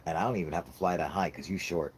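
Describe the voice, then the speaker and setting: Talking fast in a low voice, a podcast host goes on a profane, rambling comic rant about his toddler during a casual chat. He curses constantly and laughs at his own jokes. Slight background noise can be heard.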